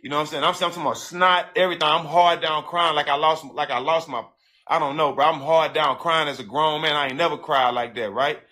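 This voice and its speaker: With a fairly high, pushed, bright voice and fairly even intonation, he shares his own story using profane, casual street slang. He addresses listeners directly, and his emotion shows as he falls into halting repetition.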